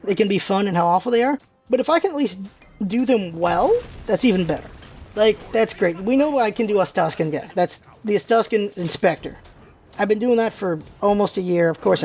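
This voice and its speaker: A man with a high-sitting, creaky, slightly mellow voice hosts a casual vlog. He chats in a loose, rambling way, full of fillers and restarts.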